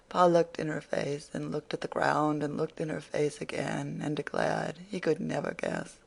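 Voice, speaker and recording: Audiobook narrator, steady, gravelly voice, mid pitch. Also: normal speed. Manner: steady storytelling. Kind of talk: scripted narration.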